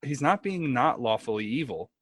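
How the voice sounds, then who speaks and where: A man playing a tabletop game, joking around in animated, profane banter. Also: mid-range voice, normal speed. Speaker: player.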